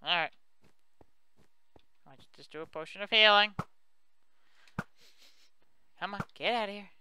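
A man's voice: sits high, unhurried, pushed and bright, slight background noise. A young man giving casual let's play commentary, exclaiming and muttering at the enemies he fights. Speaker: gaming video host.

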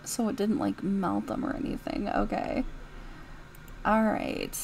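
A woman giving chatty, giggly commentary as she plays through a game mod, reacting out loud to what happens on screen. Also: medium pitch, sing-song, a little slow, vocal fry, a little hiss or hum, poor audio. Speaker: YouTuber reviewing game mods. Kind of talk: casual gameplay commentary.

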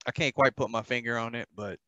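A man's voice: medium pitch, steady tone, quick pace, sharp tone, no echo, highs cut off. Dry-witted man teasing his co-host. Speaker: podcast co-host. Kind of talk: casual podcast banter.

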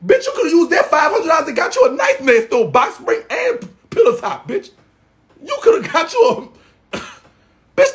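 A man giving casual gossip commentary in a sassy, profane, dramatic way, with loud exclamations and laughing. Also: extremely high pitch. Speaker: gossip vlogger.

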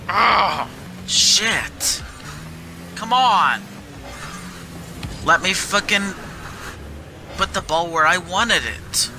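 High-pitched man raging over a game. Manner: angry profane ranting, frequent cursing. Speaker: gamer. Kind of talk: gameplay commentary. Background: game music.

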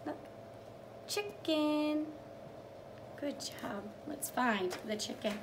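A woman's voice: high-pitched, noisy background. A young woman teacher reading a picture book to small children, sing-song and encouraging, praising each step and acting out animal sounds. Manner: drawn-out storytelling with animal sounds.

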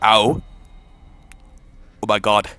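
A young man giving comedic gameplay commentary, goofy and jokey with loud shrieking outbursts. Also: on the low side, little pitch movement, very slow, soft background music. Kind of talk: comedic let's play commentary.

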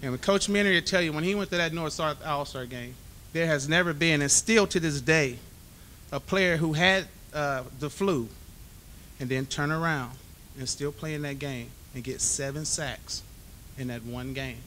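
A man delivers a hall of fame acceptance speech, telling his stories with lively acted-out dialogue. His voice is bright and forceful. A faint low rumble sits behind him. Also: normal speed. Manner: animated storyteller acting out dialogue. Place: banquet hall.

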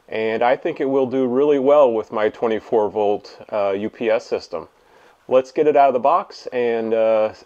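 A man hosting a casual hands-on demonstration in his home garage, relaxed and thinking aloud as he works. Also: medium pitch, highs cut off. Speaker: video host.

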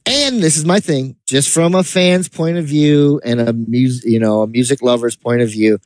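A man co-hosting a casual podcast chat, telling rambling, animated stories with laughs. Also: medium pitch, moderate pace, no room sound. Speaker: podcast co-host.

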